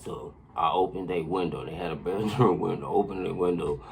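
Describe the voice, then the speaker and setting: A man telling a profane personal story in casual podcast talk, animated and laughing often, checking in with his listeners again and again. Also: low-pitched, a little fast, vocal fry. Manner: animated, laughing often, keeps saying "you know what I'm saying".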